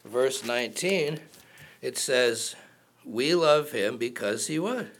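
A man's voice: medium pitch, expressive, slow, slight background noise. A man preaching a sermon in a conversational way, asking the congregation questions and cracking jokes. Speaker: pastor.

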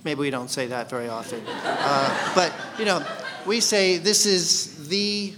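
A man's voice: mid-range voice, lively intonation, normal speed, a crowd in the background, background noise. A man teaching a Bible study sermon in a conversational way, asking his listeners questions. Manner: conversational, asks the congregation questions.

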